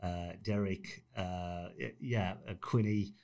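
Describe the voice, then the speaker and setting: Man, 50s, low-pitched guest, energetic storyteller who acts out quotes. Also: slow, gravelly, dull audio. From Ireland. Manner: animated storyteller, acts out quotes in raised voices, laughs often. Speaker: podcast guest. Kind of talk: casual storytelling interview.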